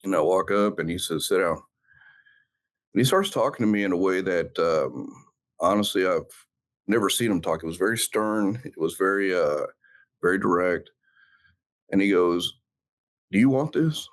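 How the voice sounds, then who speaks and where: A man, a former police officer, earnestly recounting his past in an interview, halting and reflective with many fillers. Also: deep voice. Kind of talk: personal storytelling in an interview.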